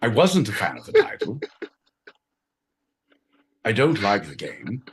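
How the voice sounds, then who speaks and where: A man's voice: lowish voice, wildly swooping pitch, unhurried, husky, pitched below the performer's own voice, full character voice. A man voicing a prim, silly posh Englishman with a put-on British accent, chirpy and sing-song.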